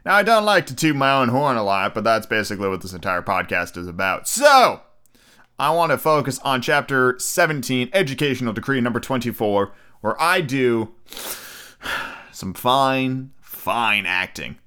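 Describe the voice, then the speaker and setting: A man's voice: mid-range voice, big pitch swings, brisk, pushed and bright, smooth. A man hosting a podcast alone, ranting casually with energy, lots of swearing and self-mocking asides. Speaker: podcast host.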